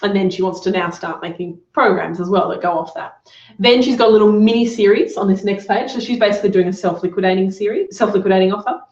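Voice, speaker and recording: This business coach talks fast in a medium-pitched, slightly mellow voice while hosting a live online Q&A. She offers cheerful, supportive feedback on students' work, captured in roomy, muffled lo-fi audio.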